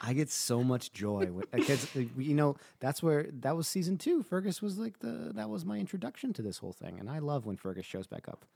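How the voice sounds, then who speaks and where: An excitable man chats on a podcast, his voice leaping up and down as he gets carried away. He swears freely and talks over the others with eager energy. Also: a little fast, creaky, hardly any pauses, breathy edge. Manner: excitable, swearing, jumpy pitch. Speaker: podcast co-host. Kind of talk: casual chat.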